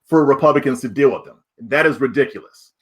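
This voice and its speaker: A man's voice: medium pitch, fairly quick. Man arguing his point. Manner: argumentative, making a case with rhetorical questions. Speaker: podcast co-host. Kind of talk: casual political chat.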